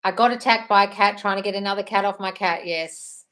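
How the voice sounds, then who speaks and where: A woman's voice: medium pitch, steady tone, brisk, a bit bright. A woman hosting a casual live stream, chatting in a scattered, apologetic way while answering viewer comments.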